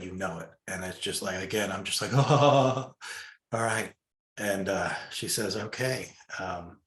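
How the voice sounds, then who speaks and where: A man with a very low voice tells a personal story in a relaxed, casual way. He speaks softly and reflectively, pausing on fillers. The recording has a noticeably roomy echo. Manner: soft-spoken, reflective, lots of fillers. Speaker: guest telling a story.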